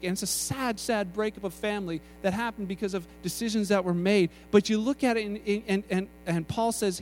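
A man's voice: high-pitched, fairly even intonation, fairly quick, few pauses, a little mellow, soft background music. A man preaching a sermon in a casual, conversational way, often restarting his sentences.

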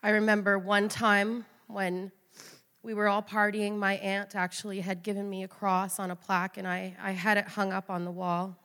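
Woman, earnest confessional testimony, raw emotion, mid-pitched voice, long hall reverb. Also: level tone, moderate pace, fairly bright tone. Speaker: speaker giving a personal testimony.

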